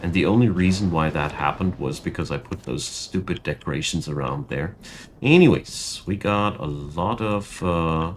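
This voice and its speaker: A man's voice: deep voice, moderate pace, a little hiss or hum. A young man commentating his strategy game and ranting in frustration over bad luck. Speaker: gaming channel host. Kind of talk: gameplay commentary.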